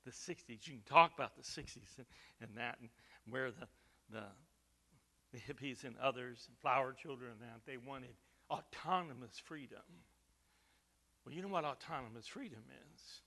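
A man preaching a sermon as pastor, stressing key words slowly and swinging from quiet to loud. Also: medium pitch. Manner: preaching with emphatic slow stresses and big swings in loudness.

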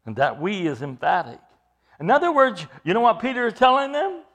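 A man's voice: high voice, very animated, a little fast, a bit bright. A man preaching an expository sermon, explaining scripture verse by verse with emphatic delivery.

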